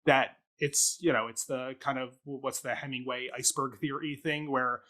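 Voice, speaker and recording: A man co-hosting a casual theatre review chat, thinking aloud with halting restarts. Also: mid-range voice, fairly even intonation, pushed and bright. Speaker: podcast co-host.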